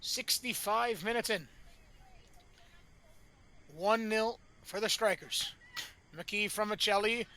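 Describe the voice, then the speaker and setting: An excitable male play-by-play commentator with a very high, bright voice that cuts through. He calls the action live and rises to shouts whenever a chance comes. His speech is peppered with colorful catchphrases. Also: slow, long pauses.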